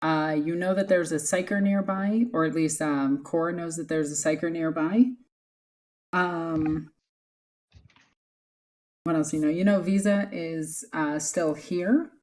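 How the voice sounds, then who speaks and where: Slow-talking low-voiced woman game master. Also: fairly even intonation, a little mellow. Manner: laughing, easygoing. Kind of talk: narrating a tabletop game.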